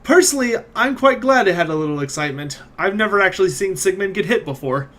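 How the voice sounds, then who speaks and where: A man's voice: fairly high pitch, moderate pace, a bit bright, slight background noise, close to an everyday voice. A man voicing a kind, caring young woman from a convent in a tabletop game. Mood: gentle.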